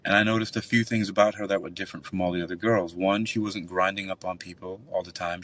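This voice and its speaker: A man's voice: sits low, far from the mic. Profane man rambling through a story. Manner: rambling, profane, animated retelling. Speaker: nightclub bouncer. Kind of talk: casual storytelling on a call-in show.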